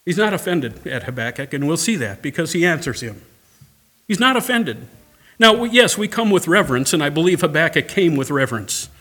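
A man's voice: a little high, sing-song, fairly quick, a bit bright, slightly rough. A man preaching a sermon, reading scripture aloud and addressing the congregation directly, rising to impassioned cries. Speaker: pastor.

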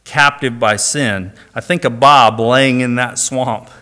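A man's voice: medium pitch, takes it slowly, pushed and bright, clean tone. A middle-aged man from Indiana preaching a sermon, reading scripture and then telling a personal story with dry humor. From Indiana, USA.

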